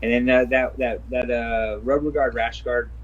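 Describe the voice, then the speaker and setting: A man answering interview questions in an easygoing, unhurried way, often repeating words while he thinks. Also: medium pitch, fairly even intonation, dull audio. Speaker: interview guest, grappling competitor and instructor. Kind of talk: casual interview chat.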